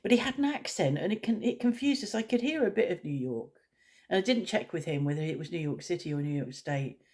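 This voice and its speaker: A woman's voice: on the low side, lively intonation, fast talker, darkish tone. A woman vlogger talking in a casual, rambling way, blunt and opinionated.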